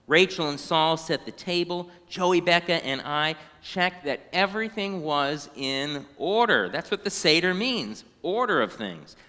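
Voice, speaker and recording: A man reading a children's storybook aloud in a synagogue, animated and now and then singing short phrases. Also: on the high side, a little slow, few pauses, long reverb tail. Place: synagogue sanctuary.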